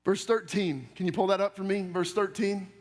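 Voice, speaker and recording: A man's voice: high-pitched, steady tone, normal speed. A middle-aged man preaching a sermon as pastor, talking conversationally with joking asides and rhetorical questions to the congregation. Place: church sanctuary. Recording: long reverb of a church hall.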